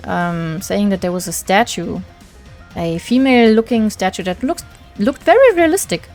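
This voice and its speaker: A young adult woman streamer in a casual rant, animated and emphatic, swearing freely. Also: medium pitch. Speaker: VTuber streamer. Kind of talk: casual ranting chat.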